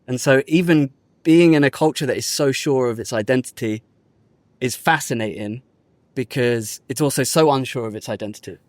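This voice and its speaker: A man's voice: medium pitch, moderate pace, dry recording. A man talks casually on a podcast, with a mid-range voice in a dry, close-miked sound. He tells his story with plenty of energy, slips into street slang and acts out the people he quotes. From United Kingdom. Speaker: guest.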